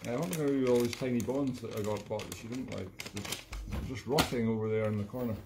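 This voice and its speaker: A man's voice: mid-range voice, fast, gravelly, noisy background. A Scottish man hosting a live home music stream, rambling and joking between songs in a casual chat. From Scotland. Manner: jokey, rambling, self-mocking. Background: accordion music.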